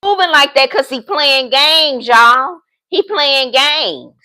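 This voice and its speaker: A woman's voice: high voice, slow, bright, forceful tone. A woman in her fifties, a vlogger, chatting casually and telling a story straight to her viewers, acting out both sides of a phone call. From United States. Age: 50s.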